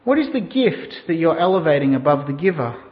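High-voiced preacher in an echoing hall. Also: male voice, very animated, fairly quick. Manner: asks the listeners questions. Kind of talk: sermon with storytelling. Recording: dull sound in a reverberant hall.

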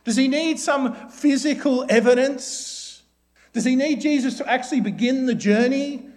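A man delivering a sermon in a notably high voice. He poses question after question to the congregation and often tags his points with a quick "isn't it?". When he quotes a plea or a prayer, he softens and slows right down. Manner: asks rhetorical questions with tag questions, drops to a soft voice for quoted prayers. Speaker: preacher.

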